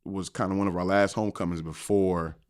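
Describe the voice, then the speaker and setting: The speaker is a middle-aged man, a finance professor appearing as a podcast guest, who narrates a story animatedly, impersonating the people involved and laughing often. He has a deep voice and a fairly quick pace.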